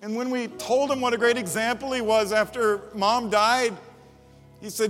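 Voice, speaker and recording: A man preaching a sermon as pastor, moving from quiet, reflective passages to loud, emphatic repetition. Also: extremely high pitch, steady tone, moderate pace, big-room sound, soft background music.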